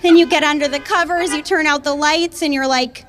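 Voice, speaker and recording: A woman with a notably high voice performs stand-up in a comedy club. Her delivery is chatty and a little hesitant, full of small fillers. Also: fairly even intonation, fairly quick, few pauses, noisy background. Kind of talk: stand-up set.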